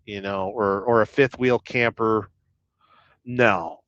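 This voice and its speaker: A man's voice: on the low side, fairly even intonation, slow, fairly bright tone, highs cut off. A man hosting a casual livestream from inside his truck, chatting and joking while reading viewer comments aloud. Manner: rambling, jokey, reads viewer comments aloud. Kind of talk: casual live-stream chat.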